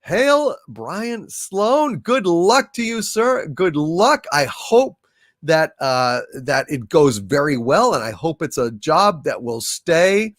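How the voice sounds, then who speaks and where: A man chats his way through viewer messages on a live stream, his pitch sitting a little high and swinging widely. He talks in fits and starts, full of fillers, then breaks into theatrical bits of verse and song. The sound is dry and close. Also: sing-song, dry recording. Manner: theatrical, drifts into recited verse, song and impressions; halting, with many fillers and restarts. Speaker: livestream host. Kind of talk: casual live-stream chat reading super chats.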